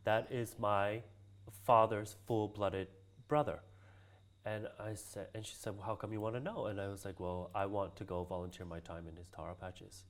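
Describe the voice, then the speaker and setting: Speaking a little fast, with fairly low pitch and fairly even intonation, this Hawaiian cultural practitioner shares a long personal story during a relaxed interview. He laughs a lot and performs the voices of those he quotes.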